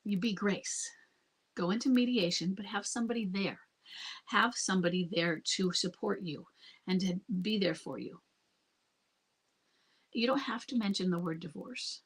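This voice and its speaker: A middle-aged woman with a husky, slightly breathy voice answers a viewer's question in a live Q&A. She speaks calmly and earnestly and circles back to repeat her points, like a coach talking one person through a hard time. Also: mid-range voice, normal speed, pauses often. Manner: calm, earnest, repeats herself. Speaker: marriage coach. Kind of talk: live Q&A advice.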